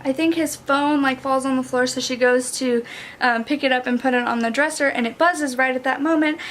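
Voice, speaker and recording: A young woman excitedly recapping a plot in a casual vlog, saying "like" a lot. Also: sits high, fairly quick, a little hiss or hum. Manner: excitable, heavy use of "like". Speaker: book and movie reviewer.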